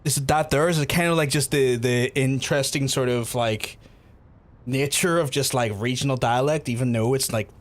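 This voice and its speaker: Hosting a livestream, a man from Northern Ireland with a Belfast accent chats casually with viewers at normal speed in a medium-pitched voice. He swears freely and restarts sentences as he goes.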